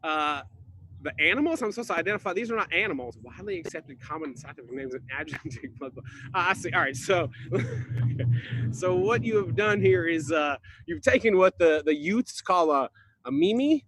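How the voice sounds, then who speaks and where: A man's voice: fairly high pitch, lively intonation, moderate pace, fairly bright tone. A man playing Greg, a goofy drywall guy. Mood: puzzled. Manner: rambling, confused, playful. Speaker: presenter in a slideshow game. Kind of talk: improvised comic presentation. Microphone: video call.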